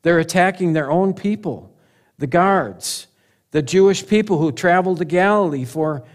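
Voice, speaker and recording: A man preaching a sermon, animated, asking rhetorical questions and chuckling at his own points. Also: high voice, moderate pace. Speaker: pastor.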